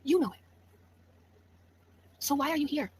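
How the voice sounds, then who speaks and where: A woman's voice: high-pitched, lively intonation, measured pace, darkish tone. A woman from Massachusetts trash-talking a rival in a profane, brash video rant. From Massachusetts, USA.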